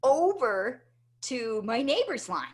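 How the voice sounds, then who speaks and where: High-voiced woman telling a story. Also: slow. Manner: animated, tags many sentences with "right?". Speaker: interview guest, motivational speaker. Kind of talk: personal storytelling in conversation.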